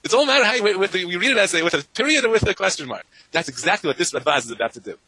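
Fast, animated rabbi teaching Talmud. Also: male voice, sits high, no echo, poor audio. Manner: animated, sing-song chanting of Hebrew and Aramaic texts, frequent repeated words. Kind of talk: Talmud class lecture. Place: classroom with students.

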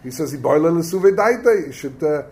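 A man's voice: fairly high pitch, lively intonation, moderate pace, darkish tone. A man giving a Talmud class lecture as a Torah teacher, explaining texts in English mixed with Hebrew terms and quizzing his students.

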